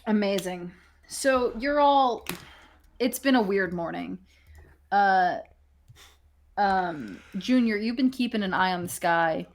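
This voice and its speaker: A woman's voice: mid-range voice, animated, slow, long pauses, a little hiss or hum. A woman narrating as game master, casual and salty, swearing freely. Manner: casual, profane, laughing often.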